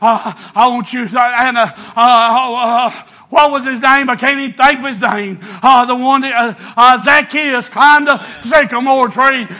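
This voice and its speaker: A man preaching a sermon, fervent and emotional, often shouting. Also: extremely high pitch, steady tone, a little slow.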